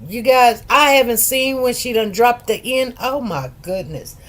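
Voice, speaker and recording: A middle-aged woman chats on her own live stream in an easy, rambling way. Her voice sits a little high, and she greets her viewers one by one and doubles and triples words to drive a point home. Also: measured pace. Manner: chatty, greets viewers by name, repeats words for emphasis. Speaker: livestream host. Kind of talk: casual live-stream chat.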